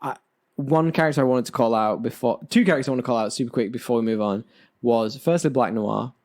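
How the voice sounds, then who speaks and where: A man's voice: medium pitch, fast talker, a little mellow. A man co-hosting a podcast in casual chat, enthusiastic and steering the conversation along. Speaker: podcast co-host.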